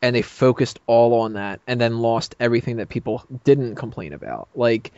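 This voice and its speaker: A man's voice: mid-range voice, expressive, normal speed, dark tone, clean tone, no echo. A man chatting casually on a roundtable podcast, rambling with lots of fillers and laughing often. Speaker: podcast panelist. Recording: dull lo-fi mic, dry.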